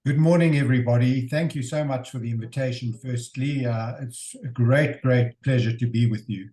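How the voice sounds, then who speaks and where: A man's voice: mid-range voice, steady tone, moderate pace, dark tone. Courteous man in an echoey room. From South Africa. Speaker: guest speaker. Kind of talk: academic talk.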